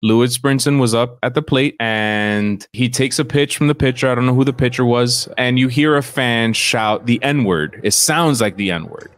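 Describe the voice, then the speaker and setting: A man's voice: mid-range voice, moderate pace, few pauses, noisy background. A man co-hosting a podcast, recounting a story in loose conversational chat. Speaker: podcast co-host. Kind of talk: casual chat.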